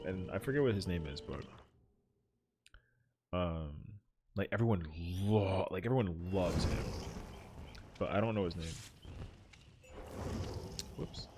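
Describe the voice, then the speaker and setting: A man's voice: sits low, very animated, unhurried, pauses often, over loud music. A young man streaming a game, chatting casually and rambling with lots of "like" fillers. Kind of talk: casual chat while gaming.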